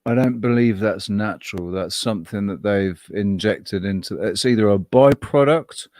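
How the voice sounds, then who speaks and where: A man's voice: on the low side, moderate pace, a little mellow, no room sound, studio quality. A man co-hosting a casual chat, telling rambling, profane stories with many restarts. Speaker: co-host.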